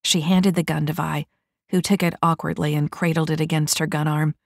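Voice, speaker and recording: Brief: woman audiobook narrator, low voice, dry close sound, steady delivery. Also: a little fast, creaky, no room sound.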